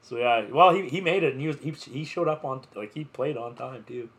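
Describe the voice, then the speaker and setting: A man's voice: medium pitch, brisk, fairly bright tone. A man co-hosting a casual podcast, spinning a rambling festival story. He keeps stumbling over "like" and "uh" and swears freely. His voice sits in the ordinary middle range. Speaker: podcast co-host. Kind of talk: casual chat.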